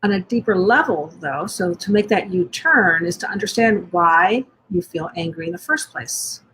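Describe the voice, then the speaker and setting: A parenting coach gives parents a live-streamed talk, gentle in manner, with many questions in a row and frequent mid-sentence restarts and rephrasings. She is very animated at a moderate pace, with a medium pitch, vocal fry and slight background noise.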